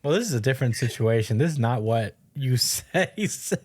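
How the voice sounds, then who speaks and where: A man's voice: mid-range voice, expressive, a little fast. A man co-hosting a podcast, casually recapping a manga chapter, laughing often and swearing offhandedly. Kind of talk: casual chat.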